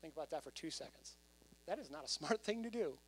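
A man preaching a sermon as pastor, talking to his congregation and often rising to loud emphasis. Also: fairly high pitch, expressive, fast talker, a little hiss or hum.

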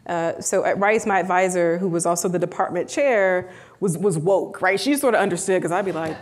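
A woman professor speaking on a live panel, an animated storyteller who keeps checking in with "right?". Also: fairly low pitch, a little fast. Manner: animated storyteller who acts out quoted dialogue; frequent rhetorical "right?" tags.

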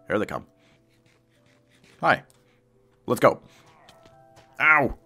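A man live-streaming a game, talking casually to his chat and yelling at his pet dog. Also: lowish voice, lively intonation, slow pace, long pauses, soft background music.

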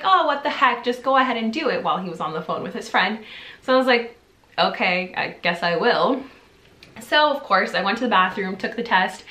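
Bright-voiced young woman telling a story. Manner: animated, laughing, acts out quotes in a higher voice. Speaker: vlogger. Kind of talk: casual storytelling to camera. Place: home office. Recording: echoey room.

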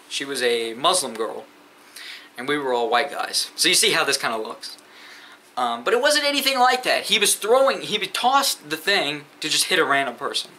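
A man's voice: mid-range voice, sharp tone, slight background noise, poor audio. Profane, rambling teenage boy. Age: teens. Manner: profane, rambling, many fillers. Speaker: vlogger. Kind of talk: casual storytime rant.

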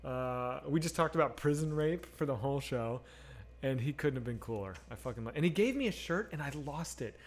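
A man's voice: mid-range voice, animated, a little fast. Profane, rambling male streamer. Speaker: streamer reading chat. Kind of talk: casual live-stream chat while gaming.

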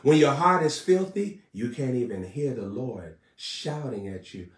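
Man preaching live, fiery and repetitive, rising to shouts; echoey room, off-mic. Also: mid-range voice, animated, a little slow, hardly any pauses, far from the mic. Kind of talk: live-streamed sermon.

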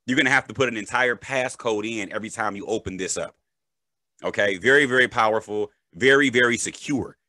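A man's voice: fairly low pitch, brisk, pushed and bright, no room sound. An adult man, a father, explaining crypto casually with a joking manner and frequent "right?" and "okay?" check-ins. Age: adult, a parent. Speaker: crypto educator.

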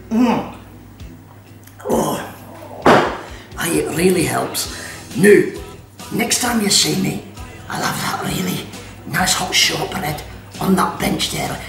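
Give me a joking, gravelly man hosting a cooking show in a roomy kitchen with music behind. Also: high-pitched, expressive, slow, pauses often. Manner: chatty, joking, sipping whisky between steps. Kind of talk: jokey cooking demonstration. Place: kitchen at an activity centre. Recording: echoey room, mic at a distance, music behind.

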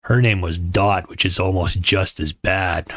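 A middle-aged man tells stories in a relaxed, joking way, his voice sitting low. The sound is close and dry, with no room echo, as if recorded at home. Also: measured pace. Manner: wry, joking, conversational. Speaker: podcast host. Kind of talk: casual storytelling monologue.

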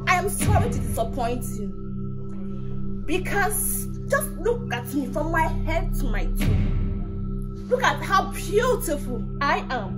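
A scornful, quick-tempered young woman with a Nigerian accent, played by an actress throws insults in a very high, swooping voice. Loud score music plays under the film scene. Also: big pitch swings, exaggerated voice. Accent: Nigerian English. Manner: contemptuous, mocking, shouting at times.

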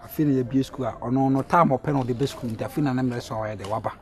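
A man's voice: medium pitch, fast talker, a little mellow, faint music behind. A man with a Ghanaian accent playing a senior student who gives orders to juniors. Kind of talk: comedy skit acting.

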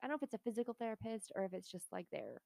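A woman co-hosting a podcast, chatting playfully and steering to new topics. Her mid-pitched voice has a gravelly, creaky edge. The recording is dry and close. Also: very animated, dark tone, dry recording. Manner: playful, quick reactions, brings up topics. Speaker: podcast co-host. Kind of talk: casual chat.

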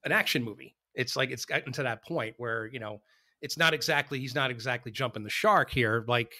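A man's voice: mid-range voice, fairly quick, sharp tone, dry recording, clean studio sound. A man on a podcast chatting casually about a movie in an easygoing, agreeable way. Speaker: podcast co-host.

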